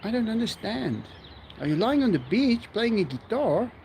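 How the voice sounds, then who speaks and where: A man's voice: sits high, very animated, moderate pace, darkish tone, slight background noise. A man, hosting a live stream in casual chat and answering viewers, laughing often.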